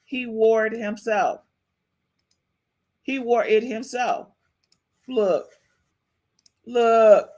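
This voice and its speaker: A woman hosting a live-stream podcast in casual chat, animated and sassy, repeating herself often. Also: fairly high pitch, very slow, long pauses. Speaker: podcast host.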